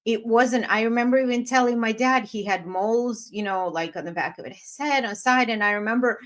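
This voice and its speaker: Chatty higher-voiced woman telling lively stories. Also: brisk. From Eastern Europe. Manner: animated storyteller, acts out quoted voices. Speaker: podcast co-host. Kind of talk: casual chat.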